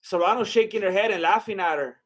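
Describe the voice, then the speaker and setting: High-voiced excitable male fight streamer. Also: fast talker. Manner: excitable, exclaims at big shots, chats with viewers. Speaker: livestream fight commentator. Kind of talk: casual live commentary and chat.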